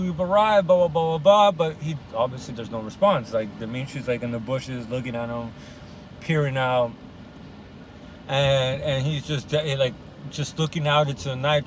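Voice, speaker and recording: A man's voice: mid-range voice, a little hiss or hum, low-quality recording. A man casually recapping a novel, rambling and slangy, swearing and correcting himself as he goes. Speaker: book discussion vlogger.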